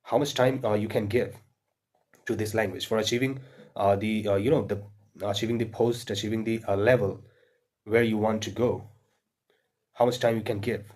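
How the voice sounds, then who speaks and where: A man's voice: on the low side, fairly even intonation, moderate pace, pauses often, darkish tone. A man with an Indian accent giving earnest, repetitive spoken advice to English learners, with frequent fillers and restarts.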